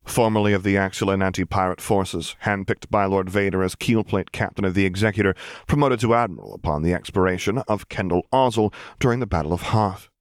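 A man's voice: sits low, brisk, dry recording, studio quality, close to an everyday voice. A man reading a story, voicing an earnest, good-humored young Jedi husband who talks playfully.

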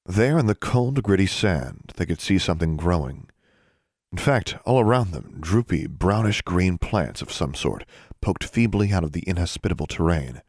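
In a measured, expressive reading, a man narrates a scripted fantasy audiobook. His voice sits low, and the studio sound is clean with no echo.

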